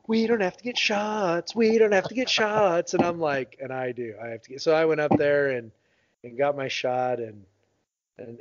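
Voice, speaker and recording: A man in his thirties, co-hosting a podcast, telling a long anecdote in casual chat, with many fillers and lively voiced quotes. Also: mid-range voice. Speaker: podcast co-host. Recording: dull lo-fi podcast audio.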